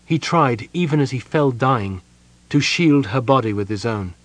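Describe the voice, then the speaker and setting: A man reading a fantasy novel aloud as an audiobook narrator, in a measured, dramatic storytelling manner. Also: medium pitch, lively intonation, dry recording. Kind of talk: scripted narration.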